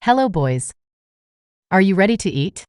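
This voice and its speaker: A woman's voice: medium pitch, big pitch swings, moderate pace, a little mellow, smooth, dry recording, clean studio sound, lightly acted. A woman voicing a mischievous magical girl. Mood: cheerful.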